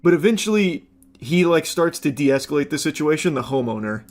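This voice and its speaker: A man's voice: a little high, expressive, brisk. A young man streaming, casually commenting on a clip, rambling with fillers and casual swearing.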